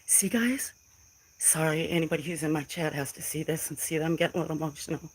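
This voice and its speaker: A middle-aged woman speaks fast in a low voice, defiantly and emotionally answering trolls during a casual phone livestream to her chat. The audio quality is poor.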